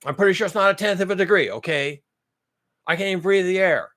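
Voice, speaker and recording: Brief: male host, fairly high voice, sarcastic profane rant, repeats himself, drops to mutters then flares up loud. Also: quick pace. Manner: sarcastic, swearing, repeats phrases for emphasis; swings between low mutters and loud outbursts. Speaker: channel host. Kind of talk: ranting commentary on news.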